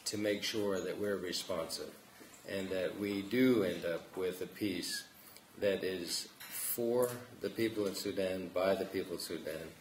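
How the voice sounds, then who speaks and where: A man in his fifties with a very deep voice gives slow, reassuring remarks as a government envoy, pausing often with "uh". The sound carries the echo of a large lecture hall, with faint room noise underneath. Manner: deliberate, reassuring, pauses with "uh". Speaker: government envoy answering a panel. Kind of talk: measured public remarks.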